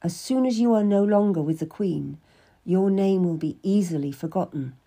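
A woman voicing a calm, firm noblewoman who gives measured, reassuring counsel in a storybook reading. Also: on the low side.

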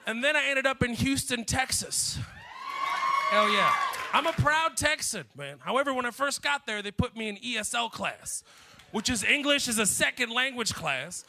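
A man's voice: very high voice, animated, moderate pace, noisy background. A man from Kuwait doing a stand-up comedy set, punchy and playful, slipping into voices for his bits.

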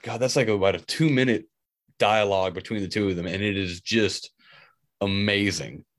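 A man co-hosting a podcast, talking about a film in a casual, animated way with frequent restarts. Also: on the low side, normal speed. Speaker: podcast co-host.

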